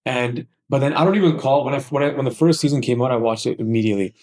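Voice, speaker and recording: A man's voice: mid-range voice, quick pace, a little mellow. A man speaking eagerly in a casual interview, his phrases tumbling out. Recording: voice a bit off-mic.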